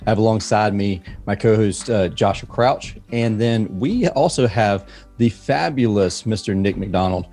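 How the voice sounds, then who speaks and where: A man hosting a podcast, chatting casually and warmly with many ums and uhs. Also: on the low side, measured pace, faint music behind. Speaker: podcast host.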